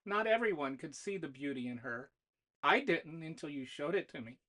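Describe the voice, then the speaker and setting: A loving mother, as a storyteller reads her, soft-spoken and tender with her little girl. The voice stays close to the narrator's own, with a lively rise and fall, in a storybook reading. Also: medium pitch, moderate pace.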